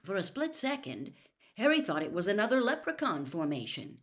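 A woman's voice: medium pitch, very animated, fairly quick, fairly bright tone. A woman reading a novel aloud expressively as a storyteller.

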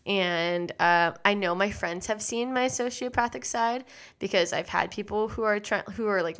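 A woman's voice: lowish voice, fairly bright tone, clear, resonant tone. A young woman co-hosting a podcast in casual chat, rambling and self-reflective, trailing off and restarting. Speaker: podcast co-host.

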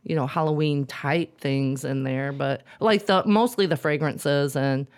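A woman guest in a casual podcast chat, teasing and quick to laugh. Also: sits low, smooth.

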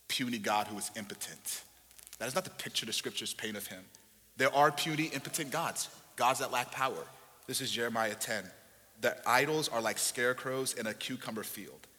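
A man preaching a sermon as a pastor, moving from low, chatty asides to loud, emphatic preaching. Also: normal speed. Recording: long hall reverb.

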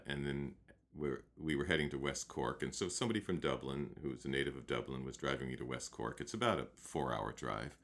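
Low-voiced guy telling a travel story, laid back, lots of ums. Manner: relaxed, anecdotal, with um fillers and restarts. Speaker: guest teacher. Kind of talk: storytelling in conversation.

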